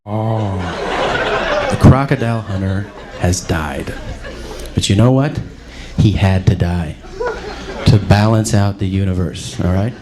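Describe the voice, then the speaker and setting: A man's voice: low voice, slow, pauses often, crowd noise. A man doing stand-up comedy, ranting emphatically and punching lines with tag questions.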